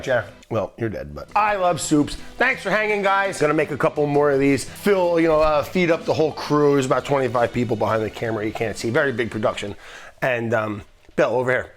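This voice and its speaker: A man's voice: mid-range voice, expressive, brisk, soft background music. A middle-aged man hosting a casual cooking demonstration in a kitchen, enthusiastic and jokey, with the odd swear and asides to the crew. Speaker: cooking show host.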